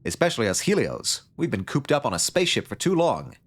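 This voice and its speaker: A man voicing an excitable young male construction worker in an odd put-on accent. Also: medium pitch, fast, no echo. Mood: excited.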